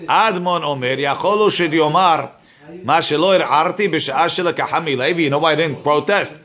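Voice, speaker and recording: A man's voice: fairly high pitch, a little fast. A male rabbi teaching a Talmud class, reading Hebrew-Aramaic text and explaining it in English, acting out the claimants with a raised voice. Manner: animated, acts out the claimants with raised voice; repeats words while searching.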